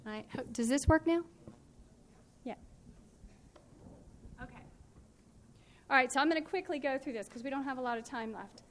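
High-voiced woman teaching phonics. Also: normal speed, pauses often. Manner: clear, patient, instructive. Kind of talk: teaching a workshop on spelling.

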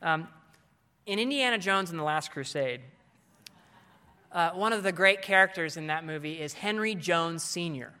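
A man's voice: on the high side, moderate pace, long pauses, bright, forceful tone, clear, resonant tone. A man giving a conference talk to fellow teachers, earnest and coaching in tone, with frequent ums and restarts. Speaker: teacher speaking to fellow educators. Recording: long hall reverb.

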